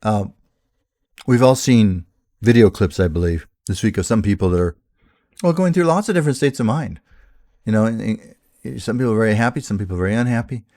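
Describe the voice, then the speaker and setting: A man's voice: lowish voice, animated, a little fast, dark tone. A man hosting a radio talk show, talking casually and rambling to his listeners about a healing prayer, often restarting his sentences.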